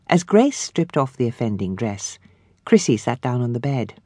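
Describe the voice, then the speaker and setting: A woman reading a novel aloud as an audiobook narrator, in measured storytelling, close to a studio mic. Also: very deep voice, very animated, warm tone, breathy edge, dry recording. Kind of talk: scripted narration.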